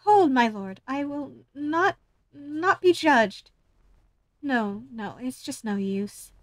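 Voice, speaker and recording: A woman's voice: a little high, big pitch swings, moderate pace, no room sound. A woman voicing a timid young woman in a game, hesitant and stammering. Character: shy young woman, timid and soft-spoken.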